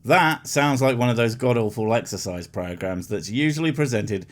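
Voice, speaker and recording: A man's voice: medium pitch, normal speed. A man giving sarcastic, mocking comedy commentary over a video.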